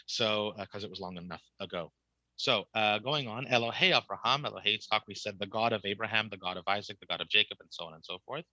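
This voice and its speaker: Bright-voiced man teaching a class. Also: lowish voice, fast talker, dry recording, muffled recording. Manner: explains prayer translations, asks the class questions. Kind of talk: casual teaching.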